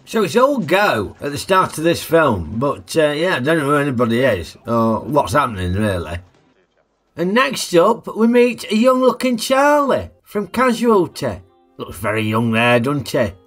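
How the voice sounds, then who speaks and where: Man, chatty joking film review, animated intonation, faint music behind. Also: a little high, unhurried. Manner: chatty, jokey, asks tag questions. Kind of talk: casual film review narration.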